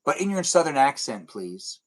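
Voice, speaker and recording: A man's voice: medium pitch, sing-song, moderate pace, poor audio. A young man hosting a casual livestream, chatting and joking in a rambling, self-deprecating way as he answers viewers. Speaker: livestream host. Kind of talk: casual chat reading viewer comments.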